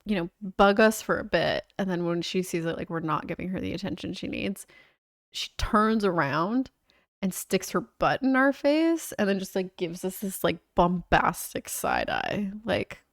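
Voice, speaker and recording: A woman's voice: fairly low pitch, big pitch swings, normal speed, no echo, clean studio sound. A young woman streamer chatting casually and relaxedly, with lots of "like" fillers. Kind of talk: casual livestream chat.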